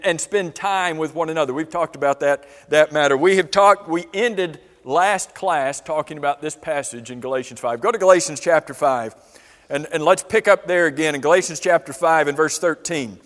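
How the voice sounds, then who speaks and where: A man's voice: a little high, a bit bright. Questioning man teaching in a reverberant hall. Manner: asks the class many questions. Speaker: Bible class teacher. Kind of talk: church Bible class teaching. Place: church classroom. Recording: long reverb of a church hall.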